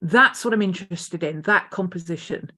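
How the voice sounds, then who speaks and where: Woman chatting while she paints, low voice, slow and thinking out loud, desk mic. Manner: thinking aloud, unhurried, coos to her dog. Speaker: artist. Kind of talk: casual art vlog narration.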